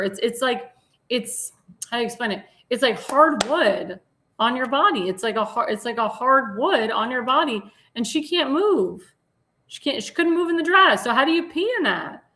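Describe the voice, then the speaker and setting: A woman's voice: fairly high pitch, pushed and bright. A woman hosting a talk show, giving blunt, indignant commentary on slides and sometimes searching for words.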